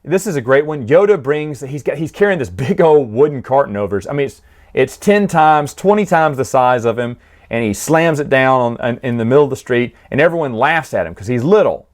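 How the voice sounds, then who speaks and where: Guy rambling through a comic recap, mid-pitched voice, lots of uhs and laughs. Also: expressive, fairly quick. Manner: chatty, laughs often, frequent restarts and fillers. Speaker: book series reviewer. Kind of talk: casual spoken recap.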